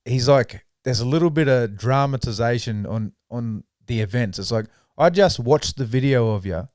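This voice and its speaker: A man's voice: medium pitch, moderate pace, darkish tone, no echo, studio quality. A man co-hosting a fight podcast in casual chat, laid-back and mimicking fighters as he retells. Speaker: podcast co-host.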